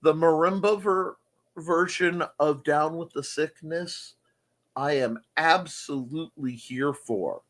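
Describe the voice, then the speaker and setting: A man's voice: on the high side, slow pace, a bit bright. A man hosting a casual livestream chat from home, playful and chatty as he reads comments. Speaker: host. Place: home room.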